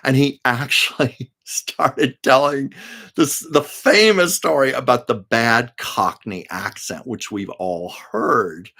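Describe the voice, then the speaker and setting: Man, livestream host, casual storytelling, chatty, laughs often, reads chat comments, mid-pitched voice. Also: takes it slowly, gravelly, pushed and bright, husky. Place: home livestream.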